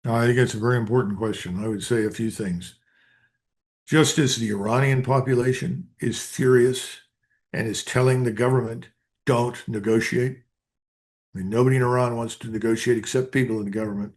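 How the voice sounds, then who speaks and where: Older american guy, blunt and emphatic, lecturing like a retired colonel, mid-pitched voice. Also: steady tone, brisk, a little mellow. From United States. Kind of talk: interview commentary.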